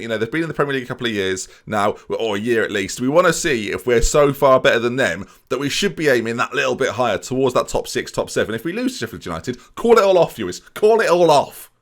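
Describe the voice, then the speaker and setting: A man rattles through casual gameplay commentary at a quick clip. His pitch swings widely as he talks straight to his viewers. He adds self-mocking asides along the way. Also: fairly bright tone. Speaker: video game let's-play host.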